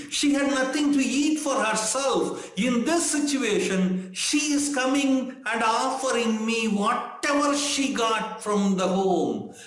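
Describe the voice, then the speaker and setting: A man's voice: high-pitched, a bit bright, very echoey, rough recording. A man voicing a young boy sage, fervent and reverent, in a devotional story.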